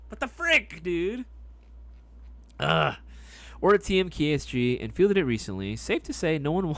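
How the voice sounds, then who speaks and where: A young man hosts a live stream, reading chat and answering in a loose, chummy way. His pitch swings widely as he reacts with loud exclamations. His voice sits in a middle range. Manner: laid-back, chummy, calls people dog and brother.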